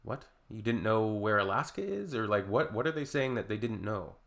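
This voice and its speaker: A man's voice: fairly low pitch, expressive, normal speed, vocal fry, fairly bright tone. A man hosting reaction commentary in a sarcastic, mocking way. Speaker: reaction video host.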